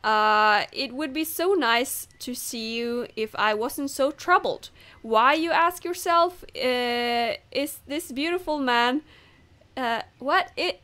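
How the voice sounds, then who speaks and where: Woman reading out a vain French riding instructor, game character, plain unaccented reading, high voice, stumbling over words. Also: takes it slowly, sharp tone, heavily acted. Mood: fussy.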